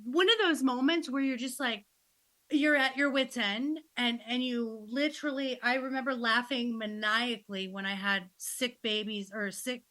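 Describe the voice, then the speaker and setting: A woman's voice: on the high side, normal speed. A woman in her fifties hosting a podcast, a grandmother chatting casually and acting out quotes with laughter. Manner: animated, laughing, acts out quotes. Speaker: podcast host.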